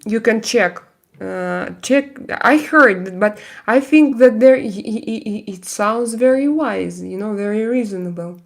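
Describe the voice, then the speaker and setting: A woman with a Russian accent, hosting a casual live stream and answering viewer comments. She talks haltingly, with many fillers and frequent laughs. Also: on the high side, vocal fry.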